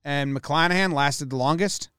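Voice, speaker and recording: A man's voice: on the high side, moderate pace, pushed and bright, clear, resonant tone, no room sound, studio quality. Inquisitive man thinking aloud. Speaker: podcast co-host. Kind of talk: casual sports chat.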